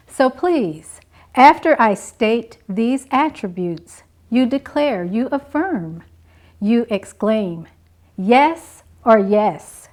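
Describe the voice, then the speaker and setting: A woman delivers a graduation address at a very slow, deliberate pace, leaning on each phrase. Her voice sits a little high, and she drills repeated refrains with emphatic weight. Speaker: nursing instructor.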